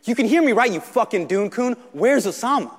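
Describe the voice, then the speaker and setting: A menacing caller, played by a stand-up comedian, who taunts and threatens. The voice sits high and leaps around. A long hall reverb hangs on every word. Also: male voice, animated, brisk. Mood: threatening.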